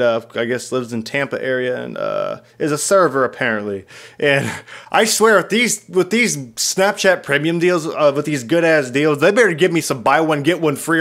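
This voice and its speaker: A man's voice: fairly high pitch, fairly bright tone. A young man giving casual, mocking commentary on dating profiles, laughing often as he reads them out. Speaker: YouTuber reviewing dating profiles.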